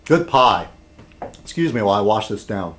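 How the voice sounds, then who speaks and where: A man's voice: on the low side, big pitch swings, moderate pace, fairly bright tone, a little hiss or hum. A man vlogging in a rambling casual monologue, meandering and interrupting himself, with dry humor.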